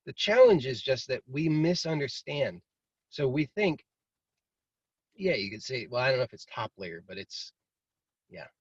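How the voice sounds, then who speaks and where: A man's voice: mid-range voice, expressive, moderate pace, long pauses, slightly rough, no room sound. A man teaching in a casual, rambling way, now and then acting out inner voices. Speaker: meditation teacher. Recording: dry, slightly muffled video call audio.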